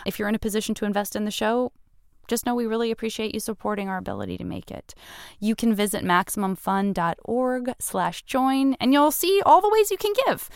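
A woman's voice: a little high, fairly quick, creaky, clean tone, no echo. A woman hosting a podcast, talking casually and earnestly, close to tears as she thanks listeners. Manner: earnest, gets emotional, chatty. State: tearful. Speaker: podcast host. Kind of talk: casual interview and member appeal.

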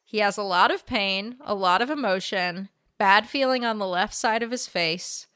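Woman co-host, bright, dry close mic, lively storyteller. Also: medium pitch, normal speed, clear, resonant tone, dry recording. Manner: animated storyteller, acts out quotes. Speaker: podcast co-host. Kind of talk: casual chat, retelling a séance.

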